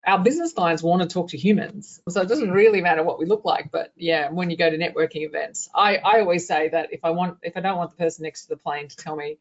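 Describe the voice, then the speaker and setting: A chatty interviewer at a middle pitch, thinking aloud as they ask questions and musing between points. The sound is slightly muffled and lo-fi. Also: fast talker, few pauses. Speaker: interviewer, accountant and coach. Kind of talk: conversational interview.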